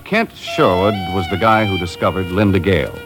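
A laconic boat captain, old radio. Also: male voice, sits low, expressive, moderate pace. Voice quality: dry, laconic. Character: easygoing boat captain narrator, adult man. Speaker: lead actor and narrator. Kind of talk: 1950s radio drama acting. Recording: old radio broadcast with music.

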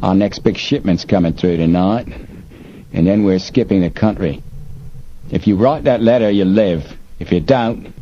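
A man's voice: deep voice, natural voice. A man putting on a sour, menacing smuggler boss. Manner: slow, sour, menacing delivery. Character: menacing male smuggler chief, sour and threatening. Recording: dull lo-fi recording, faint hiss.

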